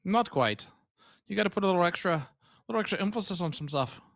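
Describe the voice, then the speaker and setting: Bright-voiced joking darts co-commentator. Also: male voice, sits high, animated, fast, gravelly, dry recording, studio quality. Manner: joking, teasing. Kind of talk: live sports commentary, casual banter.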